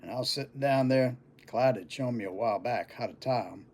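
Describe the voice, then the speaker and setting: An older man spinning a folksy childhood tale, his voice husky and breathy at middle pitch. He tells it in an easy, unhurried, homespun manner. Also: a little mellow. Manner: folksy, unhurried, chuckling between lines. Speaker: storyteller. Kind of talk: casual oral storytelling.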